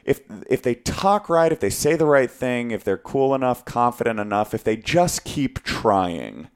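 A male podcast co-host thinking out loud, pausing and restarting his sentences. His voice sits at an ordinary middle pitch. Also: big pitch swings, smooth. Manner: thoughtful, halting, restarts sentences. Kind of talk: casual podcast chat.

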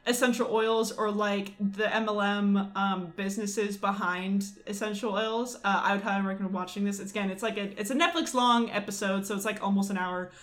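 A young adult woman co-hosting a casual chat, rambling and animated, full of fillers. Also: medium pitch, brisk, few pauses.

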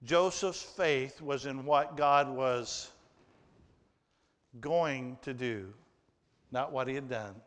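Slow, emphatic preacher in a reverberant hall. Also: male voice, medium pitch, a bit bright. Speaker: pastor. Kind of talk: sermon with scripture reading.

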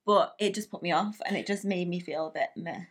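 A woman's voice: fairly low pitch, a little fast. A woman talking as a guest in a casual podcast chat, telling rambling stories with chaotic energy and frequent laughter. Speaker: guest, small business founder.

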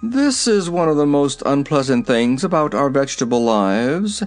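A man's voice: mid-range voice, very animated, normal speed, faint music behind, natural voice. A man reading aloud, voicing a cold, haughty male vegetable prince in a formal, chilly way.

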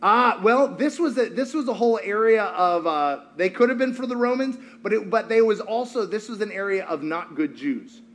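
A man preaching a sermon to a congregation, telling stories with animated, acted-out quotes. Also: high voice, normal speed, few pauses. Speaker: pastor.

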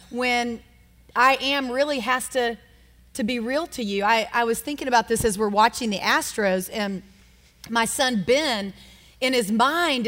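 A woman speaks from a church stage, chatty and talking straight to the audience. Her voice sits somewhat high for a woman. The hall around her adds a lingering reverb. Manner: warm, chatty, addressing the audience directly. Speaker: women's Bible study leader. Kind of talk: church teaching and interview introduction.

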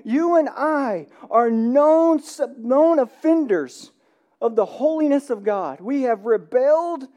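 A man pastor preaching a sermon, animated, swinging between loud emphasis and hushed passages, often asking the room "right?". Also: very high voice, slow, highs cut off. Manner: conversational, asks the room "right?".

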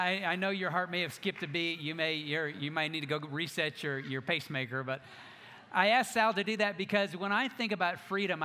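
A man preaching a sermon as pastor, telling stories in an animated way with self-mocking asides. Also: sits high, big-room sound, a little hiss or hum.

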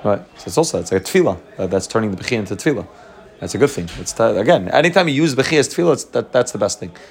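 Fast-talking man teaching a Torah class. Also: lowish voice, expressive. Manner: explanatory, repeats and restarts phrases, mixes Hebrew terms into English.

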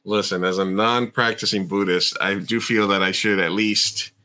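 Hesitant man with a lowish voice. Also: fairly even intonation, normal speed, bright, forceful tone. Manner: hesitant, filler-heavy, hedging. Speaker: podcast co-host. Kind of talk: casual chat.

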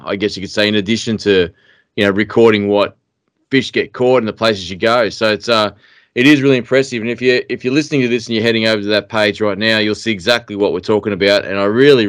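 A man's voice: on the low side, fairly even intonation, fast talker, no echo. A man hosting a casual podcast interview, chatty and joking, with mock-formal introductions. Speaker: podcast host.

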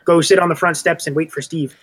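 A man's voice: on the high side, steady tone, quick pace, fairly bright tone. A man playing in a tabletop game, laid-back and joking as he describes his actions. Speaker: player. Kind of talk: casual tabletop play.

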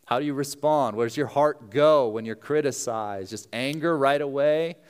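A male pastor preaches in a relaxed, conversational manner, dropping into quick acted voices for the people he talks about. His voice is smooth and resonant, and it rings out with the long reverb of a large hall. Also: mid-range voice. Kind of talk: sermon.

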